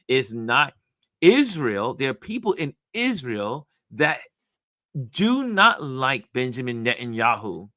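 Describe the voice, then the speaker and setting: Bright-voiced man telling a street story. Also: medium pitch, slow pace, dry recording, studio quality. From New York. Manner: animated storytelling with restarts. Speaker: host. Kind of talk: casual commentary talk.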